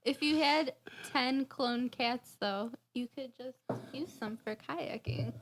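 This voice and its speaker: A woman's voice: high-pitched, slow, low-quality recording. A woman co-hosting a podcast, playful and gushing in casual chat.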